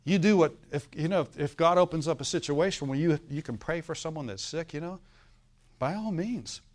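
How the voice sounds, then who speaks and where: A man's voice: a little high, expressive, fairly quick. A male pastor preaching a sermon, telling a story and often asking the congregation for an amen, with a laugh now and then.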